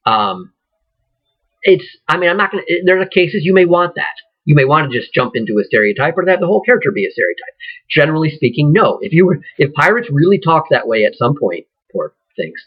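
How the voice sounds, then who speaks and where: A man's voice: a little high, breathy edge. A man teaching an acting class in a casual, conversational way, thinking aloud and often restarting sentences. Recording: dull lo-fi recording.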